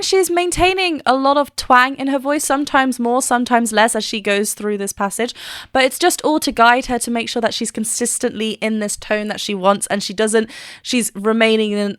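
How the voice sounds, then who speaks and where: A woman's voice: medium pitch, clear, resonant tone, no room sound, clean studio sound. A woman vocal coach reacting to a live performance, explaining technique with enthusiasm. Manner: enthusiastic, explanatory, quotes lyrics by singing. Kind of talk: reaction video analysis.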